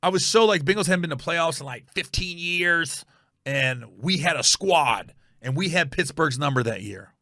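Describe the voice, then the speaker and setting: A man hosting a comedy podcast, telling a funny story with animated energy and loud reenactments. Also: no room sound, clean studio sound. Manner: animated storyteller, bursts into high shouted yelling when reenacting.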